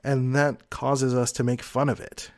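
A man explaining personality types in a casual, rambling monologue, peppered with "like" and soft laughs. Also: mid-range voice, little pitch movement, unhurried, dry recording, clean studio sound. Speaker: personality type commentator.

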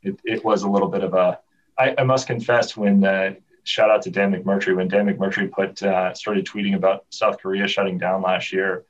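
A man guesting on a podcast who chats casually and tells stories in an animated way, full of restarts. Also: low-pitched, moderate pace. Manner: animated storyteller, many restarts. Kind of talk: casual chat. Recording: dull, distant remote audio.

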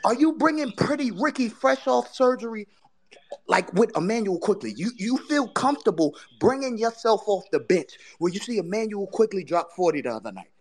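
A woman hosting a sports podcast, ranting in casual talk with profane, taunting trash talk that swings between loud jabs and low mutters. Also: expressive, moderate pace. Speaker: podcast host.

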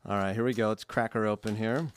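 A man's voice: on the low side, steady tone, quick pace, smooth. A man co-hosting a holiday podcast, reading listener cards aloud in a chatty way and laughing often. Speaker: podcast co-host. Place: studio. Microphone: studio microphone.

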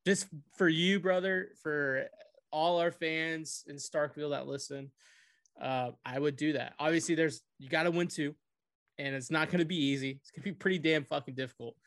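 A man from Houston with a fairly high voice, co-hosting a casual sports podcast. He rambles, jokes and swears freely as he tells his stories. His voice sounds dry and close to the mic. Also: fairly even intonation, moderate pace, a bit bright, no echo. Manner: rambling, joking, profane. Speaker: podcast co-host.

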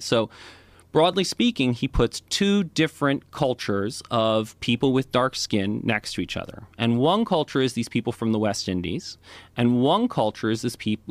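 A man talks through a long explanation in relaxed, casual conversation. He keeps adding little check-ins and fillers as he goes. The sound is dry and close, with no room echo. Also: lowish voice. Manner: lively, frequent "right?" and "you know" fillers.

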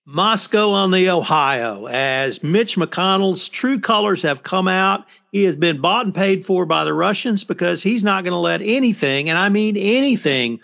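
A man hosting a casual panel chat, moderating and ranting with sarcastic, animated delivery. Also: high voice, normal speed, creaky, hardly any pauses. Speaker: podcast host. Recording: dull lo-fi audio.

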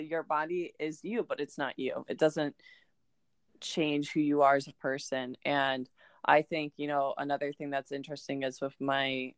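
A woman speaks in a chatty, candid way with a smooth, clean tone. The recording is dry, with no room sound. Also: a bass voice, dry recording. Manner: chatty, drops into lively quoted voices. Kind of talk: casual chat.

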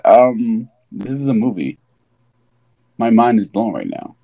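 A man's voice: fairly low pitch, big pitch swings, unhurried, creaky, dark tone. A man co-hosting a podcast, talking casually and laid-back about a movie, often repeating himself and ending phrases with "man". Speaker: podcast co-host. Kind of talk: casual movie review chat.

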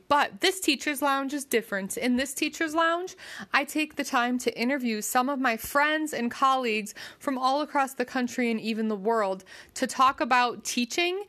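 A woman's voice: on the high side, fairly bright tone. Upbeat woman hosting a teacher podcast. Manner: upbeat, enthusiastic. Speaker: podcast host. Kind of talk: scripted podcast intro and interview.

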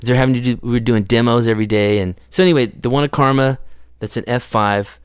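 A man's voice: mid-range voice, fairly even intonation, fast talker, clean tone, no room sound, studio quality. A man telling stories in casual chat, rambling and slangy, full of asides. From California. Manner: laid-back, rambling storyteller with slangy asides. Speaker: skate photographer guest.

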